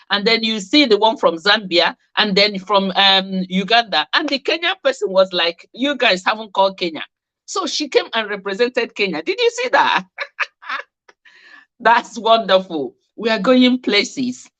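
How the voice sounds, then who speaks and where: A woman's voice: medium pitch, fairly bright tone. A woman hosting a live stream, reading out viewers' comments in a chatty, teasing way and laughing often. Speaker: host of a live weight-management Q&A.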